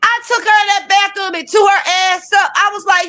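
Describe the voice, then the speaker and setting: High-voiced, profane woman telling stories. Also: moderate pace. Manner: profane, lively storytelling, laughing often. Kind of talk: casual storytelling chat.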